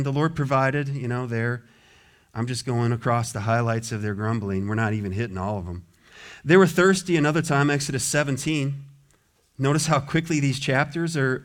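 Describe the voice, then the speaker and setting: Man, pastor, lively sermon, slightly high voice, acts out the crowd. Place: church sanctuary.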